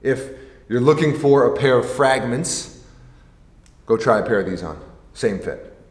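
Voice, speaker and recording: A man's voice: mid-range voice, animated, a little slow. A man chatting casually as a sneaker vlog host, joking and restarting his sentences. His voice sits mid-range and rings with long reverb in a roomy space. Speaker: sneaker vlogger. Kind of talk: casual chat.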